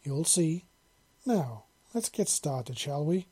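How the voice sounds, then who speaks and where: A man reading the part of a sultry, eager female dragon-woman who purrs and teases softly. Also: a little high, very animated, takes it slowly, husky, full character voice. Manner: purring, soft and teasing.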